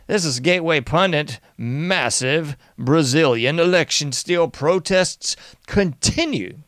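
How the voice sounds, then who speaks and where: A man's voice: medium pitch, a bit bright. A male commentary host talks with sarcastic, mocking energy. He often laughs and slips into sing-song refrains. The sound is dry, with no room echo. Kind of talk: casual political commentary.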